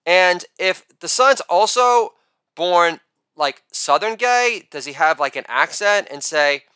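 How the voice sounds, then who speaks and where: A man in his forties delivering a rapid-fire joke monologue, brash and crude, with loud shouted catchphrases. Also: high-pitched, animated, smooth, no room sound. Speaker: comedian.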